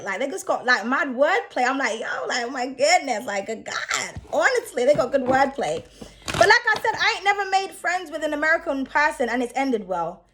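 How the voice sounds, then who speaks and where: High-voiced woman in a blunt, profane rant. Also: a bit bright, a little hiss or hum. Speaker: tarot reader. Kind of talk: casual vlog rant.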